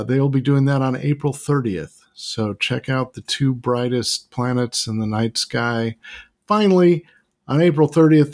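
A man's voice: mid-range voice, vocal fry. A man chatting on a radio show as its regular science guest, enthusiastic and playful. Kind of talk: casual radio chat.

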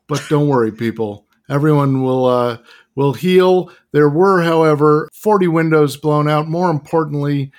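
A man's voice: a little high, moderate pace, close to an everyday voice. A man putting on a mid-Atlantic accent to play a dramatic 1940s radio news announcer. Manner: punchy, emphatic announcer delivery.

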